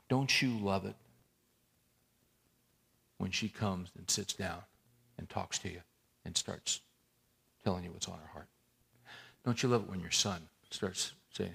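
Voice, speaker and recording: A man's voice: on the low side, creaky, breathy edge. Conversational male pastor preaching. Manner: conversational, swings between loud emphatic asides and quiet intimate tones. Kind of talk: sermon.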